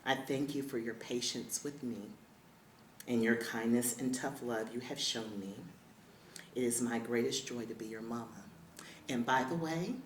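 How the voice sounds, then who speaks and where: A middle-aged woman giving a heartfelt acceptance speech at a podium, emotional and warm with laughing asides. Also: rumbling low, normal speed, a little hiss or hum. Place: large event hall. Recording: echoey hall with faint ambience.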